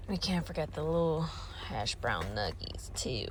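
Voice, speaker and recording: Chatty vlogging mom in a truck. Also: female voice, sits low, very animated, unhurried, a little hiss or hum. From Latina, US. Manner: chatty, preachy, venting. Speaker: stay-at-home mom vlogger. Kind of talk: casual vlog chat. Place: parked truck.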